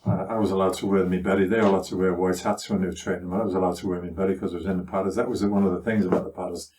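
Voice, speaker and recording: A man's voice: low voice, flat delivery, racing, a little mellow, far from the mic. Older Scouse man spinning old yarns. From Liverpool, England. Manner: chatty anecdotal telling, acting out others' voices. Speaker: father recounting his life. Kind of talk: conversational life-story storytelling.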